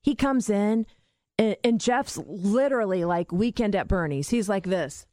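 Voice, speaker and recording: A woman in her forties telling a story in casual podcast chat, animated and swearing freely. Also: medium pitch, measured pace, no echo, studio quality. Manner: animated, acts out voices in quotes, swears freely.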